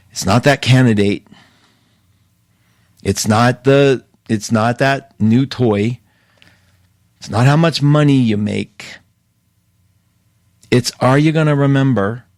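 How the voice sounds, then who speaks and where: A man's voice: medium pitch, darkish tone, dry recording. Male host, casual and rambling, laughs a lot, dry close sound, mid-range voice. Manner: chatty, rambling, laughs often. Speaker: astrology show host. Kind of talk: casual live-stream talk.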